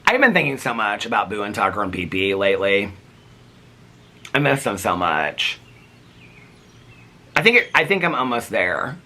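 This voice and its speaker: A middle-aged man vlogging at home in casual chat, excitable and chatty, breaking off now and then to talk about animals in the yard. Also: on the low side, moderate pace, long pauses.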